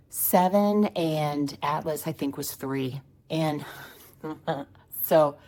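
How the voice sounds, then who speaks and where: A woman's voice: deep voice, darkish tone. A woman comedian telling a family holiday story in a wry, conversational way. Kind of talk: storytelling stand-up clip.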